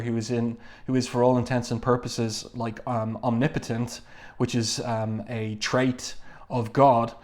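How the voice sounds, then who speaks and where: A man's voice: mid-range voice, darkish tone. Man casually reviewing a comic book. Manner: conversational, many fillers, reads quoted lines plainly. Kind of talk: casual reading and commentary.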